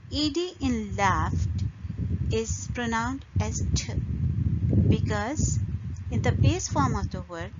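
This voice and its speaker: A woman giving an English pronunciation lesson, explaining rules slowly and modelling words with pauses between phrases. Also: fairly high pitch, animated. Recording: dull lo-fi recording with loud noise.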